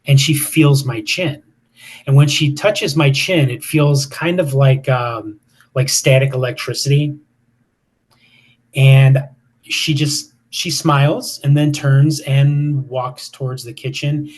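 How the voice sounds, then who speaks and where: A man's voice: medium pitch, fairly even intonation, slow pace. A man in his fifties, a paranormal investigator, telling stories casually in an interview with many fillers and restarts.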